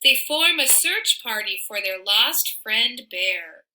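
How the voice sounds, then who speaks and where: A woman reading a children's picture book aloud in an expressive, sing-song way, with soft asides to the listener. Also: a little high, slow pace, poor audio. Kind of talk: read-aloud storytelling for children.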